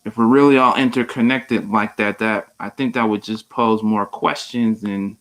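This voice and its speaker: Low-voiced man thinking aloud. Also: steady tone, moderate pace, fairly bright tone. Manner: speculative, thinking aloud with fillers. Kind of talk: casual panel discussion.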